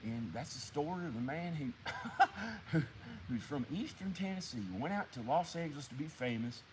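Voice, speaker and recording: A man voicing an older drifter who tells his story haltingly, with many pauses and ums. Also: fairly high pitch, expressive, very noisy, close to an everyday voice. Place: woods outdoors.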